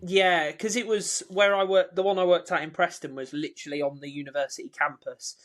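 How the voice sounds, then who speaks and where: A man's voice: a little high, steady tone, brisk, fairly bright tone. A young man, co-hosting a casual podcast chat and telling stories in which he acts out the people he quotes. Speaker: podcast co-host.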